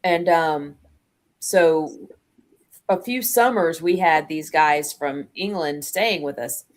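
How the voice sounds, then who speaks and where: A woman's voice: deep voice, slow. A woman hosting a casual live chat stream over a video call, chatty and laughing easily. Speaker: host.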